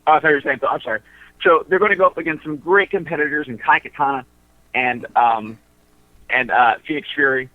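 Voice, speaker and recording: A man calling in to a radio show, talking through wrestling matchups in a halting way, with lots of fillers and restarts. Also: fairly high pitch, no echo. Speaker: wrestling promotion insider guest. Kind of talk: casual radio chat. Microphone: phone. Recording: tinny phone line.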